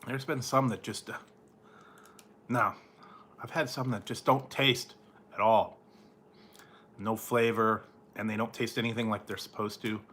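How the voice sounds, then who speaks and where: Bright-voiced man rambling about snacks. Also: fairly low pitch, steady tone, a little slow, long pauses, a little hiss or hum. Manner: rambling, laughs often, trails off. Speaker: food reviewer. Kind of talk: casual late-night chat.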